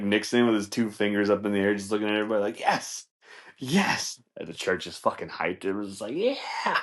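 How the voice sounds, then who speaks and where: Male podcast host, very low voice, loose profane comic rambler who acts out bits. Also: fairly bright tone. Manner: rambling, profane, laughs often, acts out scenes. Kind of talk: casual comedic monologue.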